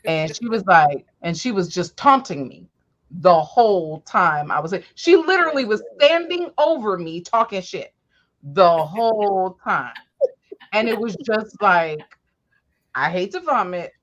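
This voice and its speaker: A woman host telling family stories in a casual, profane, animated way, jumping up high when she acts out quotes. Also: highs cut off. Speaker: podcast host. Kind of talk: casual storytelling chat.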